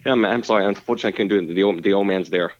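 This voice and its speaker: Low, fast-talking male guest on a dull line. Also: no room sound. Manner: quick, agreeable, stammering. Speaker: podcast guest. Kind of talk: casual chat.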